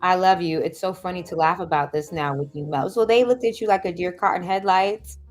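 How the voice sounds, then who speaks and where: A woman hosts a self-help livestream, giving advice and telling stories in a casual, animated, slightly fast way. She laughs often and jumps to a squeaky high voice when acting people out, with faint music behind her on a video-call or stream mic.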